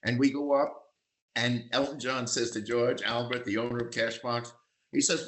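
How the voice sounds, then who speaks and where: An older man from the Bronx, telling lively anecdotes as a guest, acting out voices and singing bits of songs. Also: mid-range voice, moderate pace, slight background noise, rough recording. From East Bronx, New York. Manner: animated raconteur, acts out voices and sings snatches. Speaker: magazine publisher, guest. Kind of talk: storytelling interview.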